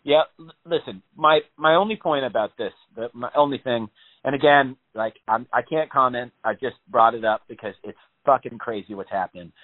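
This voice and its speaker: A man's voice: medium pitch, moderate pace. A man telling a story in casual, rambling chat on a podcast, with lots of swearing. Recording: tinny phone-like sound.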